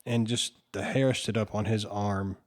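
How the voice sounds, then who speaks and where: A man with a low-pitched voice, a guest who tells a story plainly and matter-of-factly. His manner is conversational and unhurried. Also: fairly even intonation.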